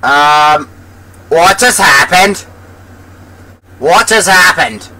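A man giving rambling let's play commentary, getting excited and shouting at surprises. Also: a little high, drawn-out words, a little hiss or hum, rough recording. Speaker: gameplay commentator. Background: loud game music.

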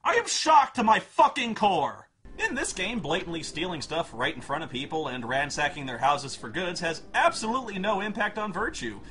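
A man's voice: sits high, very animated, normal speed, sharp tone. A man reviewing a video game in a sarcastic, profane, exasperated comic rant.

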